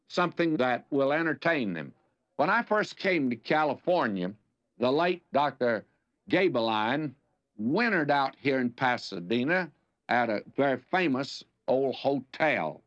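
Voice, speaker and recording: A man's voice: medium pitch, a bit bright. An older man with a Southern US accent, teaching the Bible on the radio in a folksy, anecdotal way with dramatic emphasis. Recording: dull lo-fi radio recording.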